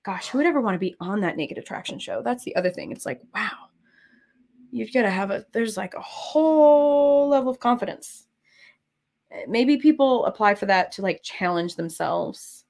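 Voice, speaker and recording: A woman's voice: mid-range voice, expressive, normal speed, creaky, a little mellow. Chatty woman crafter, talks while she works, wanders off topic easily. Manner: chatty, rambling onto side topics. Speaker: cross-stitch designer and streamer. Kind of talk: casual chat while stitching.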